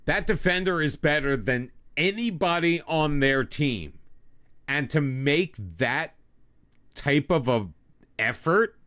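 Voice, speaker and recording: A man's voice: fairly high pitch, animated, slow, a bit bright, dry recording, clean studio sound. A man commenting casually on his own game as he plays, getting frustrated and talking back to it. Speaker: gaming channel host.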